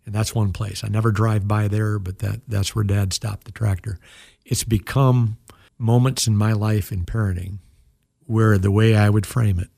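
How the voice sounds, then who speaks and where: An older man, a pastor, telling a heartfelt story from his youth in an earnest, emotional way. His voice sits low, gravelly and husky. The sound is dry and close. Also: level tone, normal speed, dark tone, no room sound. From United States. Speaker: pastor and guest. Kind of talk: storytelling in an interview.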